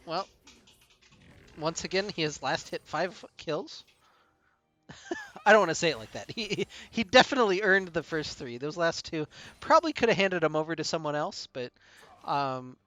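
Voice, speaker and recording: A man casting a live esports match play-by-play, brisk and chuckling often between calls. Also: a little high, animated, a bit bright, dry recording. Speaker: play-by-play caster.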